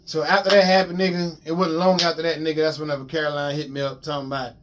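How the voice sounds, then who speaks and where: A man casually telling a long personal story to his viewers in an animated, profane way, with lots of repeats and restarts. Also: fairly high pitch, fast, background noise. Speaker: vlogger.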